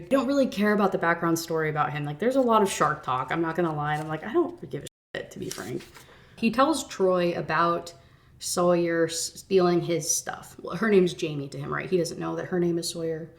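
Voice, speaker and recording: A woman's voice: lowish voice, brisk. Young woman ranting about a book. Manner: chatty, swearing, full of "like". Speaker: book reviewer. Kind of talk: casual rant review.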